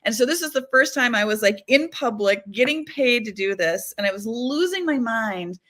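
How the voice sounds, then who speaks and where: A woman guest on a talk show, a psychic medium telling stories in a chatty, animated way full of fillers. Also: fairly high pitch, normal speed. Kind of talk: casual storytelling conversation.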